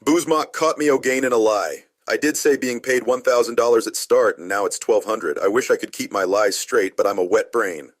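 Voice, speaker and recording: A man's voice: fairly low pitch, moderate pace, hardly any pauses, natural voice. A man doing a mocking impression of a self-pitying male comic who confesses his lies.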